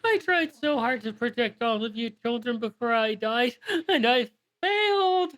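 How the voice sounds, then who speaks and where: Grief-stricken female dragon voiced by a woman: high, wailing, begging forgiveness, slow delivery. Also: animated, fairly bright tone. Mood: despairing. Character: grieving ten-foot female dragon, guilt-stricken and sobbing.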